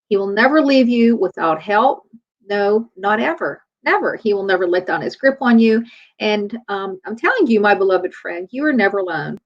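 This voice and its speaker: A middle-aged woman speaking in a relaxed, conversational way. She gives a faith-based motivational talk, and her pitch rises and falls a lot. The recording sounds dull and lo-fi. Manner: conversational storytelling. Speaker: chiropractor.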